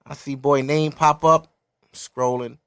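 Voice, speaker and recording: A man's voice: medium pitch, measured pace, clean tone, no echo. A man in his thirties, a podcast host, telling a story in casual, profane chat. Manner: animated, profane, laughs through his story.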